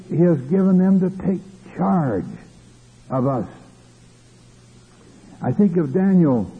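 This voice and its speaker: Husky gravelly preacher man. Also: fairly high pitch. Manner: fervent, with repeated hallelujahs and restarts. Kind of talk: sermon. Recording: tinny lo-fi old recording.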